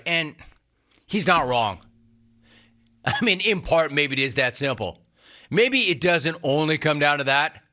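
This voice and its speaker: A middle-aged man hosting sports radio speaks in a slightly high, bright and forceful voice. His monologue is emphatic and sarcastic, with repeated lines for punch.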